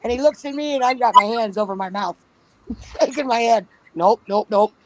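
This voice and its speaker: A woman's voice: fairly high pitch, a little fast, fairly bright tone, a little hiss or hum, low-quality recording. Woman telling a story on a call from home, cusses a lot, giggly, pet snoring faintly in back. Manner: blunt, swears freely, giggles. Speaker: panel guest. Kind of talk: casual storytelling. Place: at home with pets nearby. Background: dog snoring.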